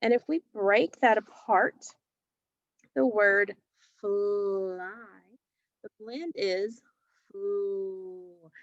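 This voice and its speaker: A woman's voice: mid-range voice, gravelly, fairly bright tone, no echo, muffled recording. A woman teaching a phonics lesson to young children, patiently sounding out letters and words.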